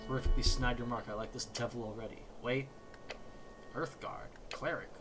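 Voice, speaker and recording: A man's voice: mid-range voice, steady tone, a little fast. A man playing through a game demo, reading its text aloud and reacting with laughs and swearing. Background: loud game music.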